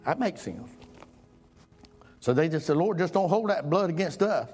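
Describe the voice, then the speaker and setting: A man preaching a folksy sermon, swinging from loud emphatic lines to low murmurs. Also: lively intonation, normal speed, faint music behind.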